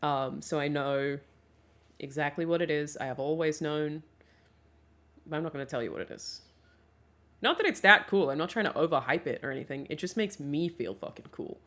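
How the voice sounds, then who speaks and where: A young woman with a slightly low voice chats with her stream from a home setup. She is loose and chatty, laughs a lot and swears casually. She talks into a desk mic by her webcam. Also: moderate pace, a bit bright. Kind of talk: casual livestream chat.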